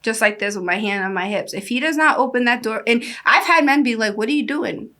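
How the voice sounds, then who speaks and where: A woman co-hosting a casual podcast chat, blunt and animated, swearing freely as she tells stories. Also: a little high, fairly quick. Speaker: podcast co-host.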